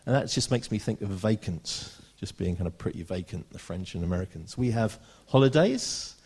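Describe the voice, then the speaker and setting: A British man preaching a sermon, reading scripture aloud and slowing down for emphasis. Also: low voice, animated, darkish tone, slightly rough. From Britain. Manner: earnest, slows down for emphasis, reads scripture aloud.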